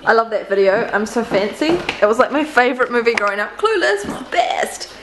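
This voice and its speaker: A woman's voice: a little high, very animated, brisk. A woman chatting casually in a family vlog, playful, cooing at her pets. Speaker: vlogger. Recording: home camera with clear background noise.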